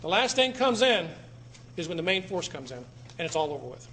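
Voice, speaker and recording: A man giving a public talk to a live audience in a room, emphatic, repeating words and swinging between loud and low. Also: sing-song, brisk, slight background noise. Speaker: speaker addressing an audience.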